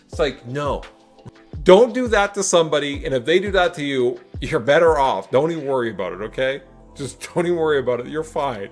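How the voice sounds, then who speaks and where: A man giving dating advice in a casual, animated monologue, emphatic with jokey asides. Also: on the high side, fairly quick, faint music behind.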